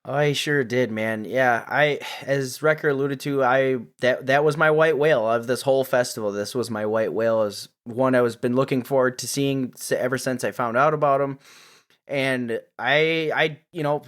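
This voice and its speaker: Excitable co-host: man, mid-pitched, laughs a lot, trips over words. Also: moderate pace. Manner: excitable, laughing, stammering restarts. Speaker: podcast co-host. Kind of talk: casual profane chat.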